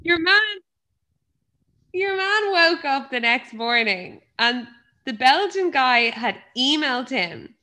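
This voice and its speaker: A woman's voice: sits high, expressive, takes it slowly, bright, forceful tone. A young woman with an Irish accent, co-hosting a podcast and telling stories in casual chat, swearing freely. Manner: chatty storyteller, swears freely. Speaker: podcast co-host.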